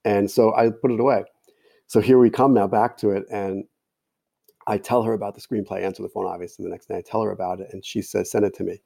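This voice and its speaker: A man's voice: on the low side, fairly even intonation, fast talker, gravelly, dark tone, dry recording. A man telling a long personal story in casual talk, quoting others in his own voice. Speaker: podcast guest, storyteller.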